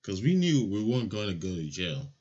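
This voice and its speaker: A young man from Nigeria telling a childhood story in a casual, animated, profane way. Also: fairly low pitch, brisk, husky. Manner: animated, swears a lot, acts out voices. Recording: lo-fi audio.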